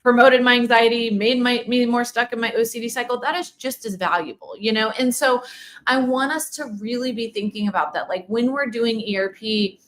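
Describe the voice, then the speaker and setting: A middle-aged woman talks through her clinical work in a loose, animated way. Her voice is bright and fairly high, and she keeps slipping into quoted back-and-forth dialogue. She fills her sentences with "like" and "you know.". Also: moderate pace. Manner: animated, conversational, many fillers and quoted dialogue. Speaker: OCD clinician and program leader. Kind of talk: livestream Q&A talk.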